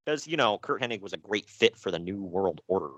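A man's voice: low voice, a little fast, background noise. A man co-hosting a podcast, recapping and joking in loose casual chat. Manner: animated, jokey, loose. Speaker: podcast co-host.

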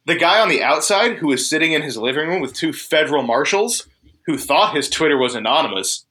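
A man's voice: a little high, fairly quick. A man hosting a podcast, telling a story casually with lots of swearing and jokes at his own expense. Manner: profane, lively and self-mocking. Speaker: podcast host.

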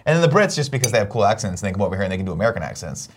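A man hosting a casual talk show, delivering a blunt mock rant full of swearing. His voice swoops up and down with energy. He talks quickly and does not stop for breath. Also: lowish voice, breathy edge. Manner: animated, mock-ranting, blunt; swears freely. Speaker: host. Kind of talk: casual chat.

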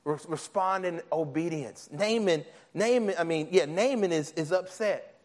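Animated male preacher, slightly high voice. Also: a little slow. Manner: animated, acts out biblical characters and his own thoughts, many restarts. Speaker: pastor. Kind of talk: sermon.

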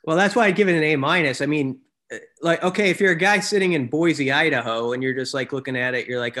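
A man's voice: on the high side, fast, a bit bright. A man co-hosting a casual sports talk show, rambling and often correcting himself as he gives his opinions.

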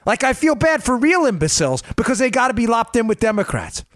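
A man's voice: very high voice, big pitch swings, quick pace, a bit bright, no echo. A male podcast host giving political commentary, exasperated and sarcastic, rambling with restarts at a close mic.

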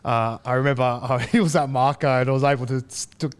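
This is a young man in a casual interview. He tells his stories in a loose, halting way, full of fillers and restarts, and his voice sits at an ordinary middle pitch. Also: clean tone. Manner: relaxed, halting, many fillers and restarts, laughs through stories. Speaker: interview guest, rugby league player.

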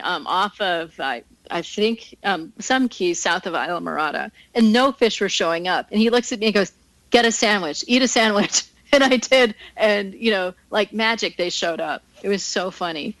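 A woman's voice: medium pitch, a bit bright, dry recording, low-quality recording. Woman chatting about her trips, laughs a lot, dry close mic. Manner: chatty, laughs often, storytelling. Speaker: guest angler. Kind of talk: casual interview chat.

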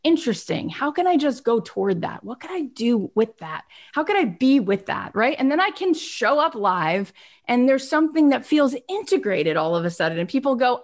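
Woman, motivational talk, expressive, acts out little scenes, higher pitch. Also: a little fast. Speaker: speaker on personal growth.

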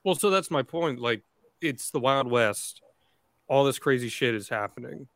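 A man interviews his co-host casually, building each question with plenty of setup. His pitch sits in the middle, and the sound is dry and close. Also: moderate pace, a bit bright, dry recording. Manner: conversational, asks long setup questions.

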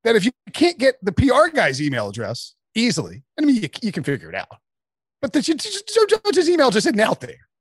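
A lively man talking sports in casual podcast chat, his pitch bouncing up and down a lot. He laughs often and throws in quick asides. The sound is close and dry, with no room around it. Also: slightly rough, no room sound. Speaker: guest sports writer.

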